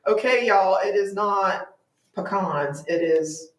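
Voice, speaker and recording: A woman's voice: mid-range voice, takes it slowly, a little hiss or hum. A woman co-hosting a painting show, casually chatting and reading viewer comments aloud. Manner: relaxed, reads comments aloud, giggles. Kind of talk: casual chat. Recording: echoey room.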